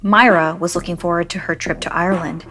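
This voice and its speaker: A woman narrating a scripted horror story in a measured, dramatic way, slowing down for suspense. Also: lowish voice, fairly even intonation, fairly bright tone, soft background music.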